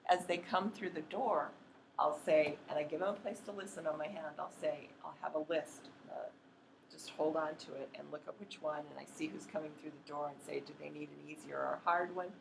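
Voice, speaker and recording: Low-voiced woman walking teachers thru reading drills, kinda gravelly, sounds out words slow. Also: fairly even intonation, roomy sound, slight background noise. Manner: practical, chatty, demonstrates sounds slowly. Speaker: literacy educator training teachers. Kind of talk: workshop explanation with demonstrations.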